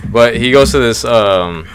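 A man's voice: mid-range voice, clear, resonant tone. A man in casual podcast chat, animatedly retelling a story and acting out the people in it. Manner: animated storyteller, acts out voices while retelling. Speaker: podcast co-host.

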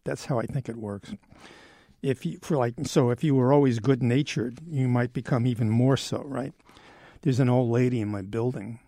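A man in his early seventies muses aloud in a loose, rambling way, joking at his own expense. His voice has a gravelly, creaky texture at a middling pitch. The sound is dry and close, with no room around it. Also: warm tone, dry recording. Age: 70s. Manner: rambling, self-deprecating, wry. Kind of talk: casual monologue.

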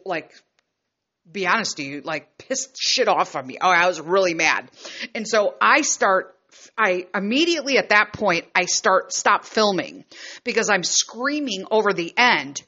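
A woman's voice: mid-range voice, sharp tone, dull audio. A middle-aged woman and mother telling a personal story in a frank, heated and profane way. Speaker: vlogger and mother. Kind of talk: casual storytelling.

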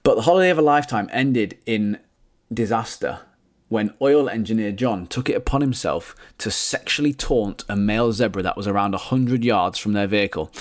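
A man's voice: on the low side, moderate pace. A man co-hosting a comedy podcast, reading out a news story and often cracking up at it. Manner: reads aloud and breaks into giggles, exasperated.

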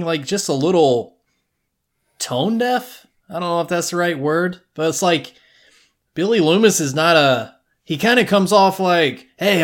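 Slow-talking laid-back podcast guy. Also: high-pitched. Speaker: podcast co-host. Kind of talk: casual movie review chat.

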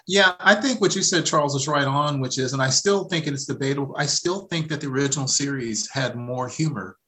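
Enthusiastic bright-voiced male panelist. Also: medium pitch, brisk. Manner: enthusiastic, repeats words when stuck. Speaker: podcast panelist. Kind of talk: casual panel chat.

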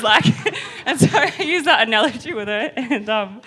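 A woman tells her story with bubbly energy. She laughs between lines and swings her voice up high whenever she acts out what someone said. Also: normal speed, husky. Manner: laughs often, high excited acted quotes. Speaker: personal trainer sharing a testimony. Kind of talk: animated storytelling.

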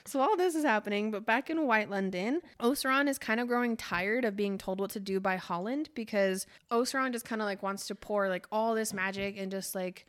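A woman's voice: mid-range voice, a little fast, few pauses. A woman co-hosting a book podcast, chatting casually and animatedly as she retells a novel's plot, full of "like" fillers. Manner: animated, laughs often, many "like" fillers.

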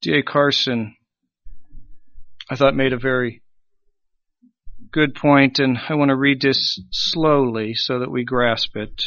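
Emphatic man preaching, bright and dry. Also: fairly even intonation, slow pace, pauses often, no room sound, highs cut off. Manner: emphatic preaching, swelling louder on key phrases and dropping low at ends. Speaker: pastor. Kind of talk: sermon.

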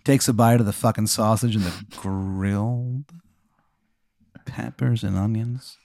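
A man's voice: lowish voice, steady tone, a little slow, creaky, darkish tone, dry recording. A man improvising a story as game master, rambling with many fillers.

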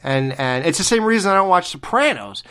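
A man's voice: high-pitched, big pitch swings, fairly quick, sharp tone, clear, resonant tone. A man co-hosting a horror podcast, telling stories animatedly and joking in casual banter. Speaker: podcast co-host.

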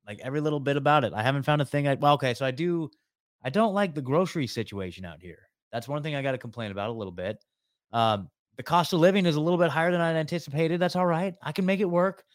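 A man's voice: fairly high pitch, fast talker, no room sound, clean studio sound. A man from the US West Coast hosting a podcast call-in show, chatting casually and calling people man and dude.

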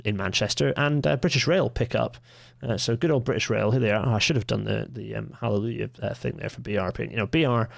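A man hosts a casual livestreamed podcast, wandering through asides and correcting himself as he goes. His voice is gravelly with a middling pitch. The recording is dry and close. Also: no room sound. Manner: rambling, self-correcting, full of fillers and asides. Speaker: podcast host.

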